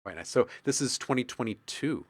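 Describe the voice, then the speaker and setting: Here a man of medium pitch talks fairly quickly, with no echo on the audio. As host of a live music-production stream, he's casual and excited, reading viewer chat aloud and thinking out loud as he produces.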